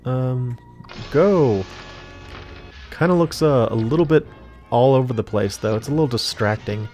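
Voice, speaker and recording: A man talks casually over a video game, wandering off topic, forgetting what he was saying and filling gaps with ums and likes. His voice sits at an ordinary middle pitch. Soft game music plays faintly behind him. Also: a little slow. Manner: rambling, forgetful, many fillers. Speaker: let's play host. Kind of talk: casual gameplay commentary.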